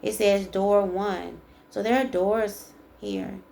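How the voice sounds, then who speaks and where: Gravelly-voiced woman doing a tarot reading. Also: medium pitch, steady tone, slow, mellow, slight background noise. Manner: chatty, emphatic, encouraging, reads aloud and repeats. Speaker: tarot reader. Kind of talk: casual spiritual card reading.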